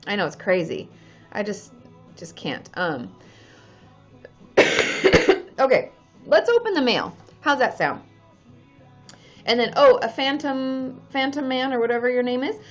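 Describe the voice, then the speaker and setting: A woman's voice: a little high, very animated, unhurried, pauses often. Woman therapist, casual livestream chat, from Washington State, slightly dull sound, faint music behind. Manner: chatty, reads viewer names and comments aloud.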